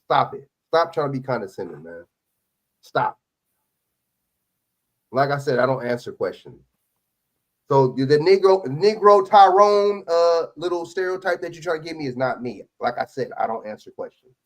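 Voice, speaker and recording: A man hosting a live stream, reacting to police videos with loud, profane, sarcastic commentary. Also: medium pitch, animated, a little fast. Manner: loud, sarcastic, laughing, swearing often.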